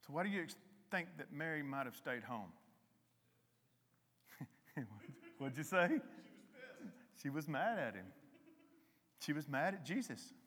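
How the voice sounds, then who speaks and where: A man preaching a conversational sermon to a congregation, with emphatic rises and a soft, slow hymn. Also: fairly high pitch, big pitch swings, in a large hall. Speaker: lay preacher. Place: church hall.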